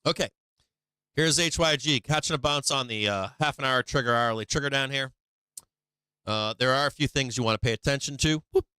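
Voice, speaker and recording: A man's voice: mid-range voice, a little fast, sharp tone, smooth, no echo. A man hosting a stock market live stream, ranting bluntly and profanely in a casual, preachy way with frequent laughs.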